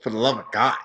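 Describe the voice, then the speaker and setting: A man's voice: mid-range voice, bright, forceful tone. A man, a wrestling coach and podcast guest from Southern California, telling stories in a loose, profane, laughing way full of fillers. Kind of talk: casual interview chat.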